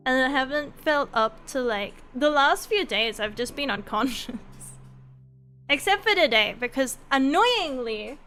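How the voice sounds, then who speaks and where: Bright, high-voiced tired young woman streamer. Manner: rambling, animated storytelling with many fillers. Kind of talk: casual late-night stream chat.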